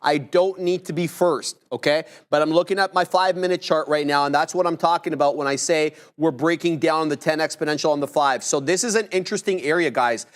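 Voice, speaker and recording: A man with a slightly raised voice walks through his stock charts on a live stream. He explains his reasoning patiently and stresses waiting for confirmation before he enters a trade. His tone stays measured and steady as he talks. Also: fairly high pitch. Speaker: co-host trading live. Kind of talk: live market commentary.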